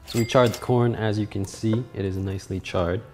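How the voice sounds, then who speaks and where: A man hosting a casual cooking vlog in a home kitchen, talking in a joking, self-mocking way with sudden loud outbursts. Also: on the low side, steady tone, brisk, faint music behind. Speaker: cooking video host.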